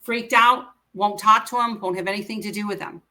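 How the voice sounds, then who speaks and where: Middle-aged woman guest, bright voice, heartfelt and earnest, retells conversations. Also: mid-range voice, fairly even intonation, fairly quick. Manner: earnest, emotional, quotes others in conversation. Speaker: interview guest. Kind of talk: personal storytelling.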